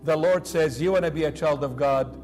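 A man's voice: a little high, a little fast, a little mellow, faint music behind. A man preaching a sermon with dramatic emphasis, acting out the voices of the people he quotes.

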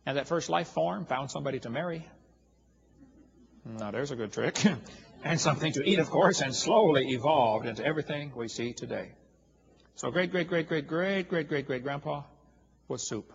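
A man's voice: a little high, lively intonation, moderate pace, creaky, lo-fi sound, a little hiss or hum. A man giving a humorous lecture to an audience, telling stories in a folksy, joking way. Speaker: creationist speaker.

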